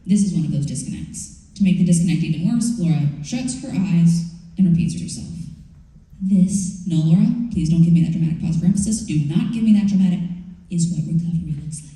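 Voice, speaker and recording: A woman author reading from her memoir and then answering audience questions, in a candid, wry and expressive way. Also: lowish voice, quick pace. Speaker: author at a campus book event. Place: large university event hall. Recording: echoey hall, far from the mic.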